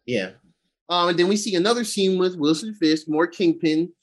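Casual male co-host, a bit high-voiced, excitable and profane, paraphrases characters on the fly. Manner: loose and profane, acts out characters in quick paraphrase; animated pitch swings, excitable. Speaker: podcast co-host recapping episodes. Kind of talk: casual chat.

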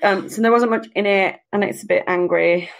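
Gravelly-voiced woman in casual chat. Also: mid-range voice, fairly even intonation, a little fast. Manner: enthusiastic, frequent agreeing murmurs. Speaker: podcast co-host.

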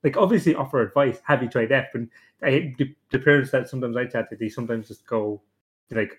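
A young podcast host on a casual panel talks bluntly and swears heavily, imitating other parents in mocking put-on voices. His mid-range voice moves quickly.

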